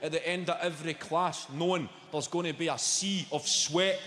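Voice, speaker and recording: A young Scottish man performing a stand-up comedy routine, telling swearing, animated stories and doing impressions of people. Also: on the high side, moderate pace. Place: large comedy venue on stage. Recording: echoey hall with live audience noise. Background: audience laughter.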